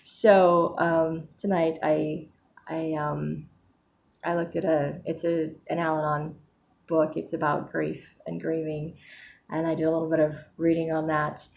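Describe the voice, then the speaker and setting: A woman's voice: deep voice, flat delivery, unhurried, creaky, darkish tone, highs cut off, a little hiss or hum. A woman recording a casual video diary at home, talking hesitantly with many fillers, her voice still a little worn from crying earlier. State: recently crying. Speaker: vlogger.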